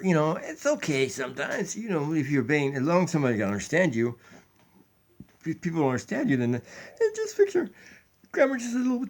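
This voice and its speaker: A man's voice: high voice, husky. Rambling preachy man vlogging at home. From United States. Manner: rambling, preachy, restarts a lot. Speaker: YouTube vlogger. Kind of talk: rambling opinion vlog. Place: home kitchen. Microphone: tablet built-in mic.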